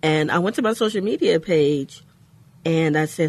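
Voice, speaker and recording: In a low voice, a woman co-hosting a faith-based radio talk show tells a personal story earnestly, with pauses.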